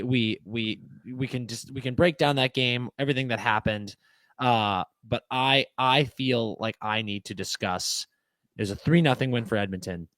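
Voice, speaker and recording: A young man co-hosting a casual sports podcast, talking fast and heated with frequent restarts and swearing. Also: medium pitch, no room sound. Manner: animated, swearing, quick restarts. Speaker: podcast co-host. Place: podcast studio.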